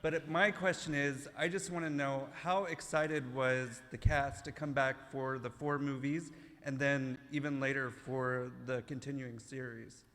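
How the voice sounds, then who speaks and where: A man's voice: mid-range voice, steady tone, a little slow, hardly any pauses, fairly bright tone. A man in the audience asking a panel question in a rambling, hesitant way. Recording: echoey hall.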